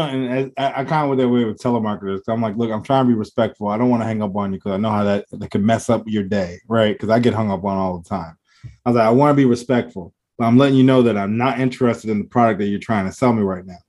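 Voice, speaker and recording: A man's voice: lowish voice, fast, a little mellow. A man co-hosting a casual podcast, rambling through stories and mimicking the people he talked to on the phone. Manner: rambling, laughing storyteller mimicking phone calls. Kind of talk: casual chat.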